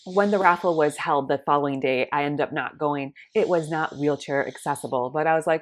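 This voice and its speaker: A woman telling a personal faith story in an animated way, acting out the dialogue in different voices. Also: low-pitched, a little fast, few pauses.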